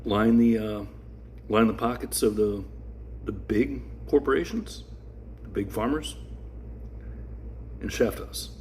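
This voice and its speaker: A man with a fairly low voice talks slowly and deliberately, building up his point with quiet resentment. A faint hiss of noise sits underneath his speech. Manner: measured, speculative, resentful. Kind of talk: explanatory commentary.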